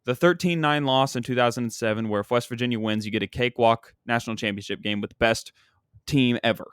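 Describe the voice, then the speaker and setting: A man's voice: medium pitch, fast talker, smooth, dry recording, studio quality. A young man, a comedian hosting his own podcast, chatting casually and venting in a rambling, exasperated way as a sports fan. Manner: rambling, exasperated sports-fan venting with frequent "you know what I mean". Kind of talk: casual solo podcast chat.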